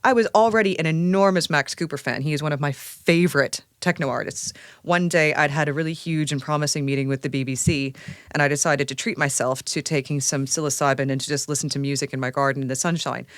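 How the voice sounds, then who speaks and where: A woman from Canada, a science writer guesting on a podcast, talking in an animated, enthusiastic storytelling way. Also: deep voice, quick pace, no echo, clean studio sound. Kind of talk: casual podcast conversation.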